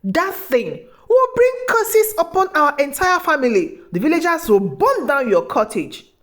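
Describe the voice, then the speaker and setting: A woman voicing a suspicious, practical grown daughter who talks in a shrill, demanding way in a storybook tale. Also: sing-song, measured pace. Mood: panicked shouting.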